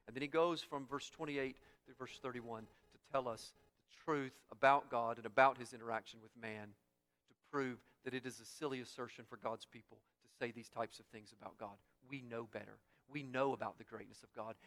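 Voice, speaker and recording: A man preaching an expository sermon, building to loud emphatic peaks and dropping back to quiet, repeating phrases for weight. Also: mid-range voice, fairly even intonation, brisk. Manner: dynamic, swells loud on key points, drops soft after. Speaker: pastor.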